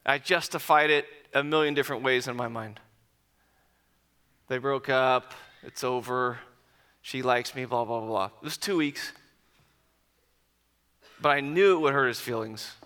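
Man, 40s, brisk bright tone, personal storyteller moving from animated to hushed and reflective. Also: medium pitch, smooth. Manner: animated, then quiet and reflective. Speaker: speaker addressing an audience.

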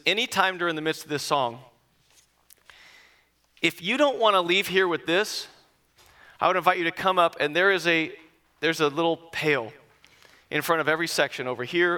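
A male pastor preaching a sermon, telling the story with hushed drops and rising emphasis. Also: fairly high pitch, smooth. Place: church.

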